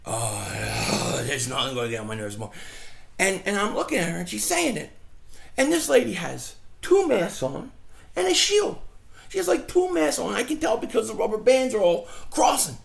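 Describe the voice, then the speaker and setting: Outdoors, a middle-aged man vlogging as a fan rants animatedly and wanders from point to point at a moderate pace. He has a high, gravelly voice, and he recounts things offhandedly while mimicking people mockingly.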